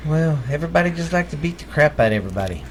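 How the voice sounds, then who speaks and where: A man's voice: a little high, expressive, rapid-fire, slight background noise. A man co-hosting a casual podcast who chimes in with slangy jokes and reactions. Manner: joking interjections, slangy. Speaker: podcast co-host. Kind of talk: casual chat.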